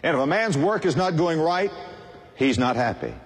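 Older male preacher with lively pitch. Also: normal speed. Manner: emphatic repetitive preaching cadence. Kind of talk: sermon. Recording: long hall reverb.

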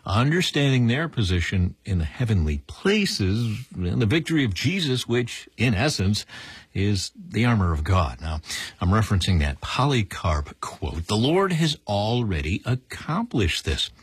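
A man's voice: on the low side, sing-song, unhurried, slightly rough, dry recording. A man hosting a religious program, talking with his guest in a conversational, reflective way. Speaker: radio program host. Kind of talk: program host commentary.

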